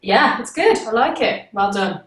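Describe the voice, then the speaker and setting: A woman's voice: fairly high pitch, expressive, measured pace, far from the mic. A woman from the UK with a British accent, a guest actress chatting casually over a video call, easygoing and asking questions back. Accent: British English. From United Kingdom. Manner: easygoing, laughs often, asks questions back. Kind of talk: casual chat. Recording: roomy video call audio.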